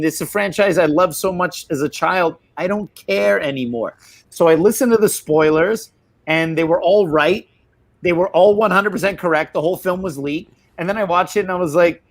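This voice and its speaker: A man's voice: a little high, no room sound. A man on a podcast panel talking in casual chat, weary and dismissive.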